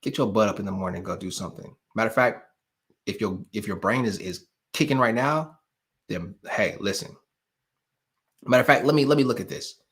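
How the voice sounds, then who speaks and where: Brisk and on the low side, with a fairly bright tone, a man running a live stream encourages his viewers through a pep talk. He repeats himself emphatically like a preacher, keeping it casual and talking directly to the audience.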